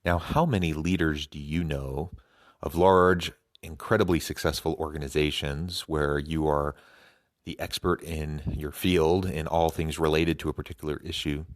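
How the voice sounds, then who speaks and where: A man's voice: rumbling low, steady tone, moderate pace, no echo, clean studio sound. A man hosting a podcast, reflecting on a talk with frequent restarts. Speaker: podcast host. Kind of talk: podcast commentary.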